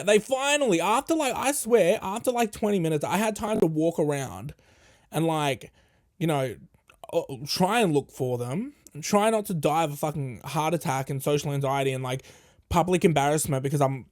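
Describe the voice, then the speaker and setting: A male podcast host telling a casual, animated story full of swearing, acting out what other people said. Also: fairly high pitch, no room sound, clean studio sound. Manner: animated, profane, acts out quoted people.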